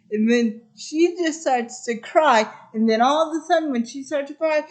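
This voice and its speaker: Brief: high-voiced woman, slow and rambling casual movie recap. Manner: rambling, repeats "and then" often. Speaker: host.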